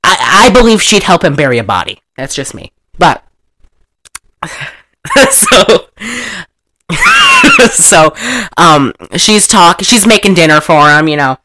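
A man casually retelling an old film, animated and profane, laughing often and acting out the characters' lines. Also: a little high, takes it slowly, long pauses. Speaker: movie recapper.

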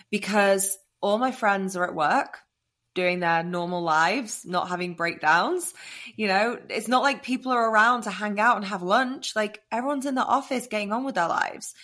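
A woman with a British accent, a podcast guest telling a candid personal story in an animated way and acting out her past thoughts. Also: mid-range voice.

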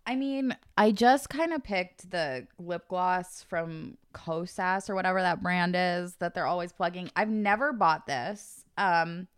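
A woman's voice: lowish voice, unhurried, hardly any pauses, clear, resonant tone. A woman co-hosting a podcast in casual, rambling chat, swearing now and then. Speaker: podcast co-host.

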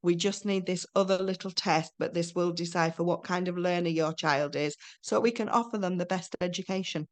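A middle-aged woman talking as a guest in a casual conversation, chatty and animated, telling stories and acting out what people said. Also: lowish voice, fairly quick, hardly any pauses. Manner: chatty, animated storytelling with acted quotes.

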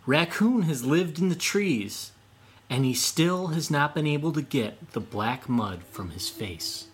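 A man narrating traditional folk tales in a slow, expressive storytelling manner. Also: a little high. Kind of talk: scripted folk tale narration.

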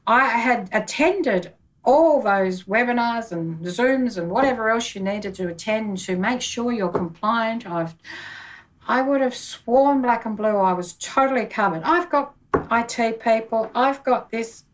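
A woman's voice: on the high side, measured pace, recorded from a distance, rough recording. Lady telling her story, acts out the back and forth, sits a bit back from the mic. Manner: animated storyteller, acts out her own past dialogue. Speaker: bookkeeper. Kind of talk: conversational interview storytelling.

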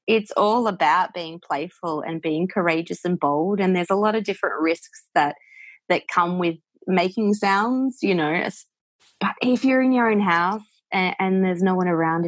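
Aussie voice coach lady, lowish voice, chatty and encouraging, dry close mic. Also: normal speed, no echo. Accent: Australian. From Australia. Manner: warm, encouraging, explains with loose fillers. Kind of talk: conversational interview.

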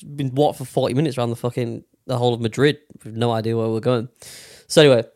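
A man's voice: medium pitch, steady tone, fast talker, darkish tone, no echo, clean studio sound. A young man casually telling a long story on a podcast, with lots of swearing and fillers. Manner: swears a lot, rambling with many fillers. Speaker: podcast co-host.

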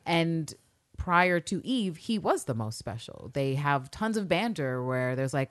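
A woman with a notably low voice co-hosts a casual podcast recap. She talks in a loose, animated way, swears freely and slips into quick impressions of the characters. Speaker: podcast co-host.

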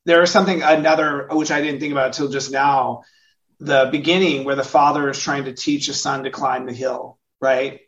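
A man's voice: mid-range voice, normal speed. A man from California in a casual film discussion on a podcast, animatedly acting out the people he quotes. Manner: animated, acts out quoted parents. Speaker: podcast co-host. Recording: dull lo-fi sound.

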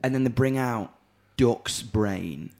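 Sweary British bloke telling a story. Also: male voice, mid-range voice, takes it slowly. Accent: British English. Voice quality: animated, swears freely, acts out dialogue. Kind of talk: casual chat, telling a funny anecdote.

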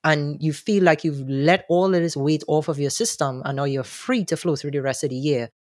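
A man answering interview questions, thoughtful and animated, often restarting his sentences. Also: a little high, moderate pace, no echo, studio quality. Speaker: guest, soca music commentator.

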